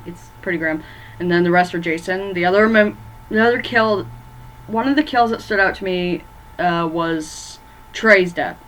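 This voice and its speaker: This movie vlogger has a voice on the low side, captured in poor audio with slight background noise. Chatting casually from her bedroom, she ranks horror movies in a meandering way, full of fillers and stumbles over names.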